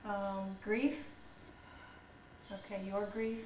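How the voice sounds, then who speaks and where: A woman's voice: medium pitch, little pitch movement, very slow. A woman practitioner guiding a live treatment session in a soothing, coaxing way, repeating short instructions. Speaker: energy healing practitioner. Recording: echoey room from far off with loud background noise.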